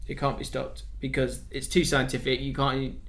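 A man hosting a casual football podcast, telling stories and acting out quotes with lively energy. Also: mid-range voice, normal speed, slight background noise. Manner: animated storyteller, acts out quotes. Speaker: podcast host.

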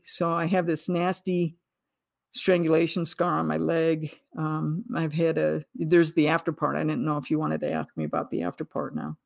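A woman's voice: sits low, flat delivery, normal speed, creaky, dry recording, studio quality. A middle-aged woman telling her own story as a podcast guest, earnest and vivid, acting out what people said. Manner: earnest, vivid retelling with acted-out quotes. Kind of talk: personal storytelling.

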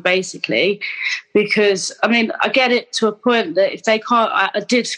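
A woman's voice: medium pitch, brisk, a bit bright, poor audio. A woman, telling her personal story in an interview in a candid, rambling way with many restarts and asides. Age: 30s. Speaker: guest.

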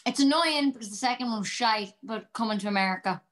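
A woman's voice: on the high side, fast talker, fairly bright tone, low-quality recording. An Irish woman, an actress being interviewed, talking about comedy in an exuberant, chatty way and telling a long joke. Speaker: guest actress. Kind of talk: casual interview chat.

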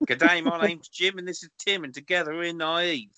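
A brash, cheesy Australian bloke, put on by a man as a clumsy joke accent. The voice sits a little high and sounds bright and edgy. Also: fairly even intonation. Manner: deliberately bad comic accent.

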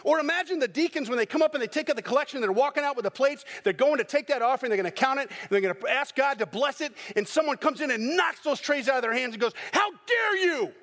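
A man preaching a sermon as pastor in a church sanctuary, animated, with dramatic bursts when he acts out scenes. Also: extremely high pitch, quick pace, hardly any pauses, big-room sound. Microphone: microphone.

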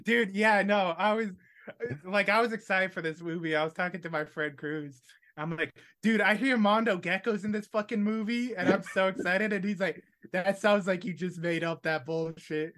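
A man's voice: sits high, moderate pace, sharp tone. A young man co-hosting a podcast in casual chat, laid-back, laughing often and swearing freely. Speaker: podcast co-host.

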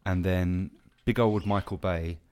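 A man's voice: low voice, steady tone, measured pace, darkish tone. A man co-hosting a casual movie podcast, telling stories with enthusiasm. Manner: enthusiastic, storytelling. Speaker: podcast co-host. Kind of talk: casual chat.

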